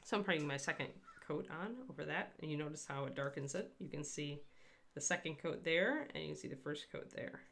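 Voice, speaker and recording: Woman host, low voice with vocal fry; rambling chatty painting demo, talks to chat. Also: brisk, fairly bright tone. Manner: chatty and rambling, answers live chat by name. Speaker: miniature painter hosting a livestream. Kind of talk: casual painting demonstration.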